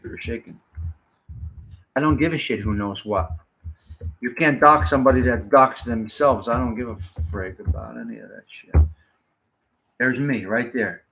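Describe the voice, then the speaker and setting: Blunt, bright-voiced New man. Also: medium pitch, normal speed, gravelly, long pauses, slight background noise. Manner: blunt, rambling, salty-mouthed. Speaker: livestream host. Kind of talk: casual livestream chat to viewers.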